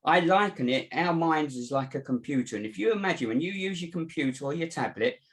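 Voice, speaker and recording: Male coach, fairly high voice, earnest, advice-giving, conversational. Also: lively intonation, fairly quick, a bit bright. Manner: earnest, advising, many "you know" fillers. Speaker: mindset coach guest. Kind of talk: casual advice chat.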